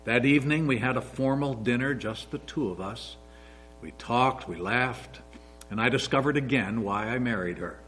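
A man's voice: mid-range voice, normal speed, a bit bright, faint music behind, low-quality recording. A man in his sixties giving an earnest, story-filled sermon as a pastor. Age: 60s.

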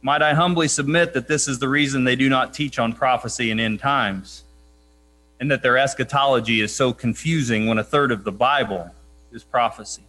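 A man preaching a sermon, earnest and emphatic, slowing down to press key points and quoting scripture with weight. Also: medium pitch, sharp tone.

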